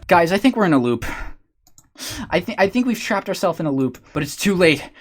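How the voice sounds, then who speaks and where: A man streaming, chatting excitedly with his viewers as he plays along with a story game. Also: high-pitched, a little fast. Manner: excitable, talks to chat. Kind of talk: casual livestream chat.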